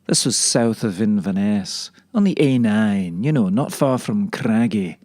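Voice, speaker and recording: A man voicing a rambling old male kale leaf, telling stories in a dry deadpan comic monologue. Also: lowish voice, no room sound. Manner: dry deadpan, drawn-out delivery.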